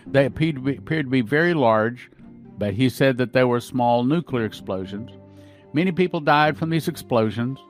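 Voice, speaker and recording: This podcast host's mid-range voice is expressive and moderately paced, set against soft background music. He reads accounts of dreams and visions as prophecies, interrupting himself with commentary and asides.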